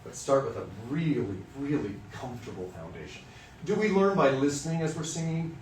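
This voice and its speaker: A man's voice: mid-range voice, lively intonation, fairly quick, a little mellow, a little hiss or hum. A man from Western Kansas, a voice teacher, lecturing music students in a candid, joking, storytelling way. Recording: roomy sound from a distant mic.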